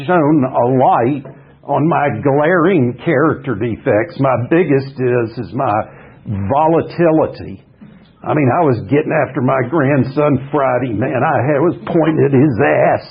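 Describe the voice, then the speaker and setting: A man's voice: a little high, slightly rough. A man, sharing his story at a recovery meeting in a blunt, rambling, folksy way full of restarts. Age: 60s. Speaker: AA speaker. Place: meeting hall. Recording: muffled lo-fi meeting recording.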